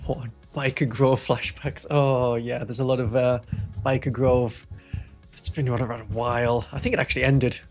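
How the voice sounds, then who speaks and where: Talking to stream viewers in a meandering, wry fashion, the Northeast England Warhammer streamer keeps his accent muted. His mid-range voice is flat and evenly paced, picked up by a studio microphone with gentle music behind.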